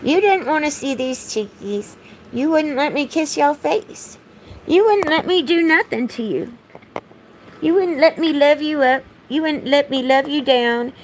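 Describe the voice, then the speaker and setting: A woman with a high-pitched voice delivers a direct-to-camera monologue, blunt and profane, circling back over the same phrases. A faint hum of room ambience sits behind her. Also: animated, unhurried, low-quality recording. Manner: repetitive, rambling phrasing. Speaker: vlogger.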